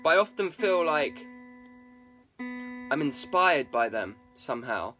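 A high-voiced man chats loosely to his live-stream viewers. His talk rambles and mocks himself. Guitar music plays clearly behind him. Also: big pitch swings, slow pace, sharp tone. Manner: rambling and self-mocking, chats straight to viewers. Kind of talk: casual live-stream chat.

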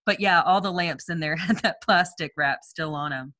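A woman co-hosting a casual talk show with a bright, forceful voice. She chats along easily, giggly and loose, full of little fillers and restarts. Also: fairly low pitch, moderate pace. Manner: chatty and giggly, with frequent fillers. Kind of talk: casual chat, reading reviews aloud.

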